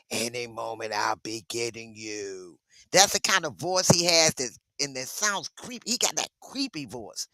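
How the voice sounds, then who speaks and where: Animated woman live streamer, bright tone. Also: low-pitched, no room sound. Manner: emotional, animated, reacting to viewer comments. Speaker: live stream host reading chat. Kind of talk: casual live stream chat.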